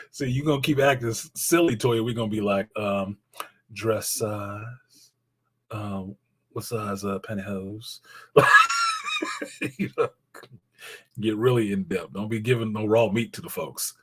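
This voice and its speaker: Loose and slangy, a live stream host jokes around with viewers, swears freely and reads their messages aloud. His slightly rough voice is on the low side, heard through poor audio.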